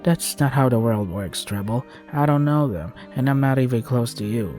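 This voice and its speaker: A man's voice: mid-range voice, animated, moderate pace, warm tone, faint music behind, lightly acted. A man reading as a smug, cruel sorceress. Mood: cold.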